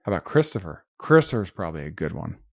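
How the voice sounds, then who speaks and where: Upbeat and quick-paced, a male host walks through a screen-recorded tutorial, describing every click he makes. His somewhat low voice is creaky and darkish and swings widely in pitch, recorded close and dry with no room sound.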